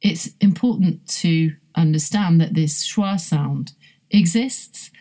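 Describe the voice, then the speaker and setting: Woman, lowish mellow voice, unhurried podcast pronunciation teacher. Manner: slow, careful explanations with spoken examples. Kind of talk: podcast lesson.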